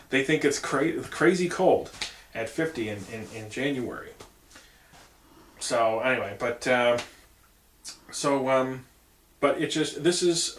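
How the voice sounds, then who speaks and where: A man's voice: mid-range voice, fairly bright tone, a little hiss or hum. A man giving a casual political monologue as a campaign vlogger, rambling with many asides. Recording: echoey room.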